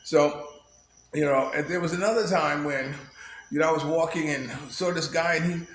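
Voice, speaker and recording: A man's voice: on the high side, moderate pace, fairly bright tone. A man vlogging in a loose, rambling storytelling style, laughing often and filling his talk with "you know.". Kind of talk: casual storytelling monologue. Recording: echoey room, faint background noise.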